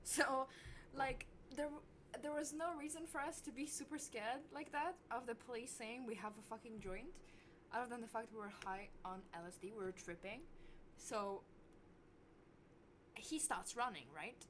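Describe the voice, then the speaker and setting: A young woman vlogger telling a story casually to camera, swearing often and getting loud when worked up. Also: moderate pace, a little hiss or hum. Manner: animated, swears a lot, voice jumps high when worked up.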